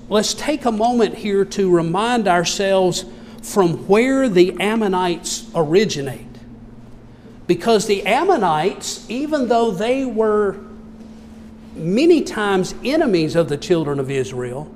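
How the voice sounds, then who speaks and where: A man with a Southern American accent preaching a sermon, reading scripture slowly and solemnly, then explaining it in plain, folksy talk. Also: sits high, long reverb tail, slight background noise. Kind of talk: expository sermon reading King James scripture.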